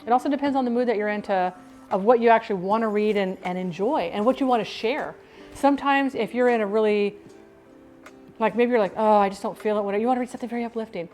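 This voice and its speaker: A woman's voice: fairly high pitch, quick pace, a little mellow, faint music behind. A middle-aged woman chatting casually on a live stream, upbeat and talkative, often breaking into laughs.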